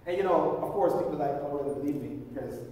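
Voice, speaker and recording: Man, pastor, sermon, chatty storyteller, high voice, heavy hall echo, distant mic. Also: fast, dark tone, a little hiss or hum. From Jamaica. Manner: conversational storyteller, acts out quoted voices. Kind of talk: sermon with personal stories. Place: church auditorium.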